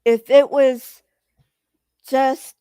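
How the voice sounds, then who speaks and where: A woman hosting a livestream speaks slowly and deliberately, in a dry, close-miked sound with no room echo. She talks straight to her chat, emphatic and profane, with a heated, agitated edge. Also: sits high, level tone, dark tone, clear, resonant tone. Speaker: livestream host reading chat. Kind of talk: casual livestream commentary.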